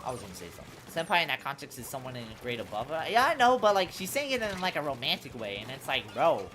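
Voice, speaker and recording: With an extremely low-pitched voice and fast speech, a young woman gives casual live-stream commentary while gaming, against a noisy background. She rants profanely and animatedly about characters, often saying "bro."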